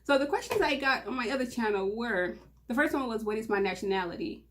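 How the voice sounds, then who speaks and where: A woman's voice: a little high, expressive, quick pace, a little hiss or hum. A young woman from Mauritania hosting her own channel, talking in a nervous, giggly, rambling way with frequent restarts. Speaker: channel host. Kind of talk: casual nervous vlog intro.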